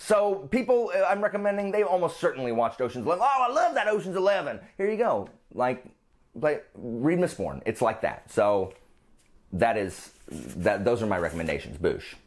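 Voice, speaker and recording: A man's voice: medium pitch, moderate pace. A man hosting a book channel, chatting casually with a rambling, playful manner. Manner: lively, rambling, playful asides. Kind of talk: casual chat.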